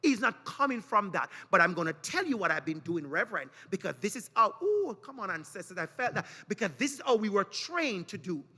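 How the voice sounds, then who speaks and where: A man with a Caribbean accent speaking at a teachers' conference, telling stories in an animated preaching style and acting out the people in them. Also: sits high, fairly quick, few pauses. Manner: animated storytelling with acted quotes. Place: conference hall. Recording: reverberant hall.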